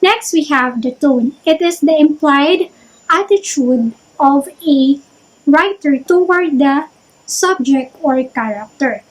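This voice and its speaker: Slow, high-voiced woman teaching a lesson. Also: animated, poor audio. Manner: methodical, explains step by step with examples. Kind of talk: online lecture.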